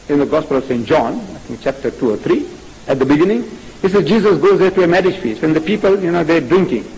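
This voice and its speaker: A man giving a religious lecture as an Islamic preacher, firing off rhetorical questions in an animated way. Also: high-pitched, low-quality recording.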